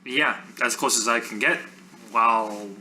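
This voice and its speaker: A man's voice: mid-range voice, a little slow, bright, forceful tone, slight background noise, rough recording. A man playing a tabletop game, describing his character's actions bluntly and matter-of-factly. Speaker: player. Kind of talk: tabletop play.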